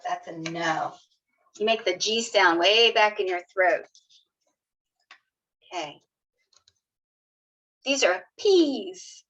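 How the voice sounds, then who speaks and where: Slow, bright-voiced woman teaching phonics. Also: medium pitch. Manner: slow, encouraging, sounding out letters. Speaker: kindergarten teacher. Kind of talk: online phonics lesson for young children. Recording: slightly dull lo-fi video audio.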